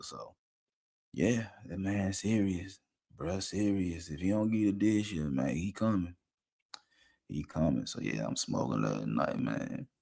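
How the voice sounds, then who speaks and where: A man hosting a casual livestream show, rambling and slangy, talking a lot while high. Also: vocal fry, mellow, breathy edge. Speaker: podcast host.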